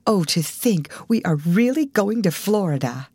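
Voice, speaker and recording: A woman voicing an eager, excitable young actress who speaks with bubbling enthusiasm. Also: medium pitch, unhurried, slightly rough, no room sound, voice pushed up.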